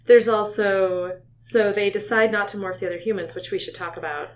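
A woman co-hosting a casual book discussion, chatty and musing, quick to laugh. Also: medium pitch, steady tone. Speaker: podcast co-host. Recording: voice somewhat distant from the mic.

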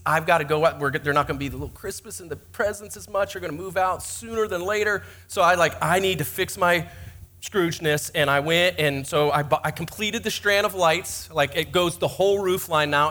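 High, bright-voiced joking pastor. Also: male voice. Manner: joking, self-mocking storyteller. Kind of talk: sermon. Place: church.

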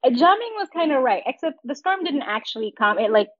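A woman's voice: sits high, big pitch swings, brisk, a bit bright, dry recording, lo-fi sound. A woman co-hosting a casual podcast, telling a story with frequent laughs and acting out the lines she quotes.

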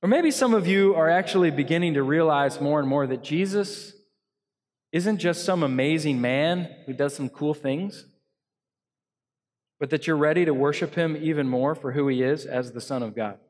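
A man's voice: on the high side, normal speed. Earnest male pastor preaching in a reverberant hall. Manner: earnest, shifting between loud emphasis and soft hushed lines. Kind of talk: sermon. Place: church hall.

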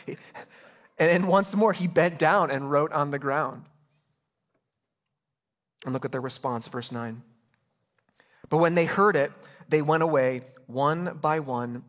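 A man preaching a sermon as pastor, animated, acting out voices in the story with quick asides. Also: fairly high pitch.

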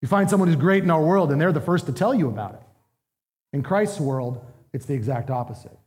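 A man's voice: on the high side, expressive, brisk, darkish tone, long reverb tail. A man preaching a sermon as pastor, earnest and emphatic, asking his listeners questions.

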